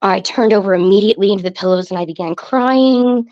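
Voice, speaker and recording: A woman from Pennsylvania recounting a hard personal story as a podcast guest, earnest and halting with many fillers. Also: mid-range voice, a little mellow, no room sound. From Pennsylvania, USA. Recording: dry, slightly dull recording.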